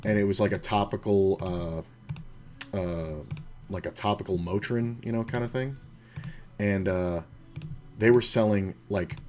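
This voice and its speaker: Deep-voiced with a darkish tone, a man from the United States plays online poker on stream, cursing casually at his hands and spinning stories between plays as he talks to himself.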